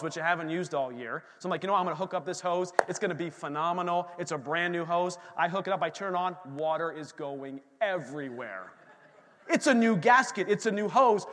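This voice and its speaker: A man's voice: high voice, pushed and bright, long reverb tail. A middle-aged man, a pastor, preaching a sermon and telling a story, acting out his own reactions.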